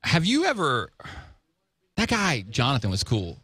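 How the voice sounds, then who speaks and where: A man's voice: medium pitch, a little slow, slightly rough, no room sound, studio quality. A man hosting a casual talk show, joking and telling stories with animation. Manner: jokey, animated storytelling. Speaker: show host. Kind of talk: casual radio-style talk show chat.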